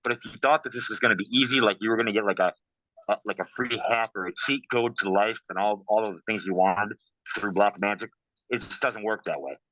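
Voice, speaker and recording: A man talking casually in an interview, telling stories in a lively way and saying "man" and "bro" a lot. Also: fairly low pitch, brisk, dry recording. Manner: animated storytelling, says "man" and "bro". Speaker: guest practitioner. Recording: dull, dry sound.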